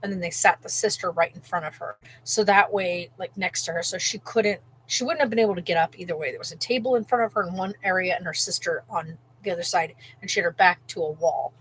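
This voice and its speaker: A woman vlogger telling a story in a rambling, animated way, full of "like" and restarts, while cooking at home. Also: fairly low pitch, fast talker, hardly any pauses, slight background noise, rough recording. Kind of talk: casual storytelling.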